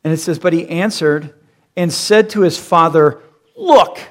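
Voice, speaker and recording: A man's voice: on the high side, moderate pace. A man in his thirties preaching a sermon, who acts out quoted voices and laughs at his own jokes. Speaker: pastor.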